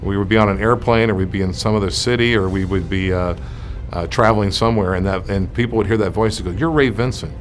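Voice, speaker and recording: A man speaking in an interview, rushing through his words with fillers. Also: low voice, steady tone, a little hiss or hum.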